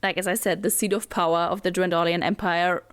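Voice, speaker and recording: A woman's voice: lowish voice, flat delivery, a little fast, clean tone, dry recording. A German woman co-hosting a podcast, chatting with enthusiasm and many fillers. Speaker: podcast co-host. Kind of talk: casual chat.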